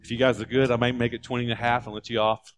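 A man preaching a sermon as a pastor, animated and climbing into loud, emphatic stretches. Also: medium pitch, rapid-fire, a little hiss or hum.

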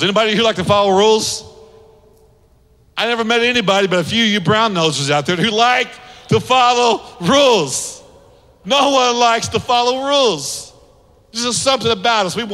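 Long reverb from a big church hall trails each line as a male pastor delivers his sermon. His high, ringing voice carries a bright, forceful edge, and he presses his message through emphatic repetition, building to rising exhortations.

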